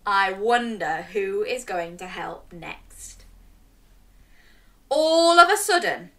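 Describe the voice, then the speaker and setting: A woman reading a picture book aloud to young children, animated and interactive, coaxing the listeners to join in. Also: on the high side, measured pace, distant mic. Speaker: children's storyteller.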